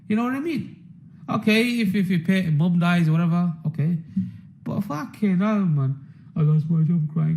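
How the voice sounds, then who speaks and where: A man's voice: high voice, animated, normal speed, a little mellow, low-quality recording. A man hosting a members' market stream, rambling, swearing and repeating himself in a casual rant.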